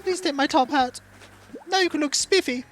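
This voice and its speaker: A streamer reading an excitable animal villager's lines in a raised, bright, peppy voice. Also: high voice, moderate pace, voice pushed up, lightly acted, low-quality recording.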